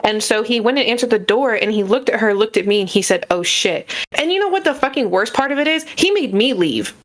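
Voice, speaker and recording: A young woman co-hosting a podcast, telling personal stories in a casual, animated and frank way, swearing freely. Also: on the high side, a little fast. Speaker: podcast co-host. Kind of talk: casual storytelling chat.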